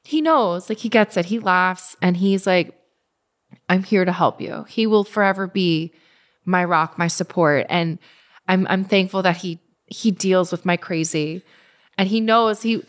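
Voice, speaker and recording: A woman in her thirties, a guest telling stories in casual, animated chat, often restarting her sentences. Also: fairly low pitch, unhurried. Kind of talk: casual conversational storytelling.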